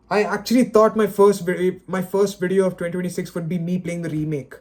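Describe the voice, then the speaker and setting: A man's voice: sits high, flat delivery, fairly quick, few pauses, darkish tone. A man ranting unscripted on camera, exasperated and dejected, sighing and stammering over repeated words. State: dejected and frustrated. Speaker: video creator. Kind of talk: unscripted solo rant.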